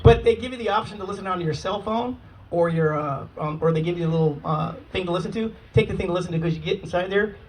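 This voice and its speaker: A man in his forties telling brash, profane stand-up stories in an animated way. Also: high voice, fast, slight background noise. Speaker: stand-up comedian. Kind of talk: stand-up storytelling. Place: live comedy venue. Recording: distant mic with a crowd, comedy club.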